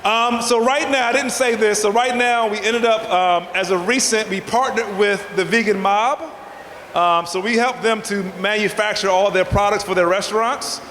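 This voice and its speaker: A man from the American South, a vegan chef giving an energetic motivational talk at a festival, preacher-like, calling out to the crowd for responses. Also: high voice, normal speed, slight background noise. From Southern United States. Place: large indoor festival hall. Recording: echoey hall with a long reverb tail.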